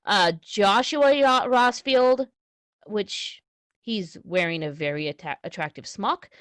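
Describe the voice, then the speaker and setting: A woman's voice: medium pitch, slow pace, a bit bright, smooth, no room sound. A woman co-hosting a casual podcast, chatting and reading news aloud with small restarts. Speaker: podcast co-host.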